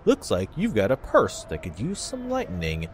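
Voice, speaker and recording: A sneering street thug makes threats in a swaggering voice, played by a man. His tone drops low and then climbs sharply. It sounds like a fan reading a game aloud. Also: huge pitch swings, normal speed, a little hiss or hum. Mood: menacing. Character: menacing male street thug demanding a purse.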